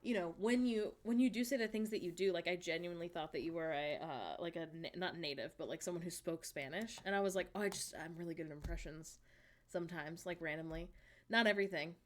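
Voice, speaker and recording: A woman's voice: on the low side, fast. Woman streamer in her thirties, casual and chatty, answers chat with plenty of laughter.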